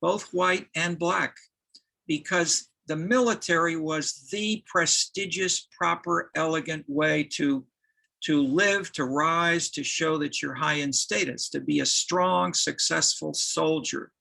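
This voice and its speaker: A man giving a university lecture, halting, with many restarts and fillers. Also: a little high, creaky, sharp tone, rough recording.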